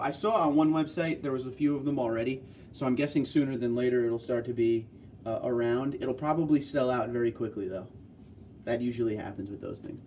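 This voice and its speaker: A man with a medium-pitched voice hosts a casual livestream, reading viewer comments aloud and chatting back in a relaxed way. The mic is distant, with a little hiss or hum.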